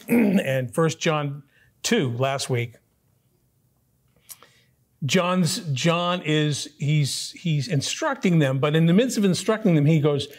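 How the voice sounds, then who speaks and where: A man teaching a casual Bible study class in a church, talking conversationally with frequent restarts and throat clearing. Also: fairly high pitch.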